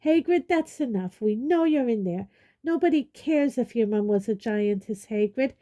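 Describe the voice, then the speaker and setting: A woman voicing a fierce, determined teenage girl, brisk and indignant, in an audiobook. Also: a little high, dark tone, close to an everyday voice. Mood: shouting. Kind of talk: audiobook character voice.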